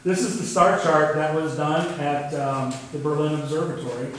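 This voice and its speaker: A man's voice: fairly high pitch, fairly even intonation, normal speed. A man giving a casual astronomy lecture to a club audience, talking through his slides with lots of fillers. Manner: conversational, many fillers, says "kinda neat". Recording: very echoey room, faint background noise.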